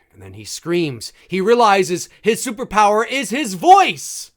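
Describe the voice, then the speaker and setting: A man's voice: sits high, huge pitch swings, measured pace. A man hosting a live movie commentary, chatting casually and joking about the scenes as they play. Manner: chatty, jokey, reacting with laughs and mock quotes.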